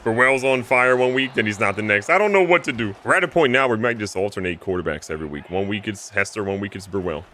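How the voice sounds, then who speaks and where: A man commentating his own video game playthrough, jokey and excitable, switching between loud outbursts and low mutters. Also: fast talker, few pauses, slight background noise. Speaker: gaming YouTuber.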